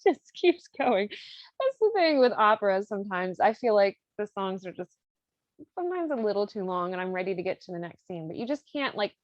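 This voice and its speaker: A woman's voice: mid-range voice, animated, a little fast, no room sound, highs cut off. A woman podcast host casually retelling a story, chatty and swearing freely as she acts out the quotes. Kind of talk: casual retelling of an opera plot.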